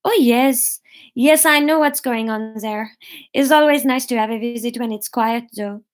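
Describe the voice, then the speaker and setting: A woman voicing a kind, plump French woman in her fifties, with a put-on French accent and a gentle, chatty manner. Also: on the high side, moderate pace, close to an everyday voice. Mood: friendly.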